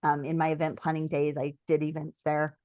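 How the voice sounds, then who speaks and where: Earnest low-voiced woman guest. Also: monotone, dry recording. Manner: earnest and reflective, with many "like" fillers; sometimes slows to a soft, near-whispered pace. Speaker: interview guest. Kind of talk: personal storytelling in an interview.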